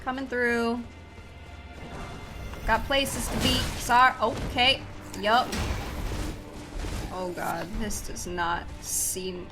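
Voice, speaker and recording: A woman's voice: a little high, steady tone, very slow, long pauses. A young woman streaming a video game, chatting casually with her viewers, giggly and self-deprecating. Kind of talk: casual chat with viewers while gaming. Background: video game music.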